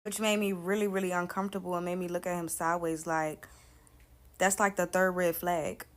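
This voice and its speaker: A woman's voice: lowish voice, little pitch movement, fairly quick. A woman casually telling a story in a blunt, profane way, acting out the dialogue as she goes.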